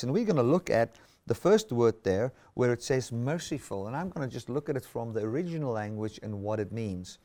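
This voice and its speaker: A man's voice: medium pitch, dark tone. A middle-aged man preaching a sermon, reading scripture aloud and then expounding on it earnestly, with lots of repetition.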